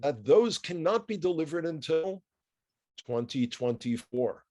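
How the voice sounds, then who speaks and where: A man's voice: on the high side, lively intonation, measured pace, a little mellow. A man with a New York accent giving a chatty news commentary, wry and full of asides and rhetorical questions.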